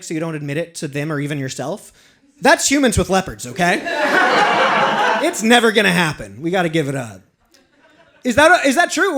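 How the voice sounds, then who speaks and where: A man's voice: sits high, fairly bright tone. A man doing a rambling, self-deprecating stand-up set in a small apartment, acting out little voices. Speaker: stand-up comedian. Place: small apartment with a live audience. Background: audience laughter.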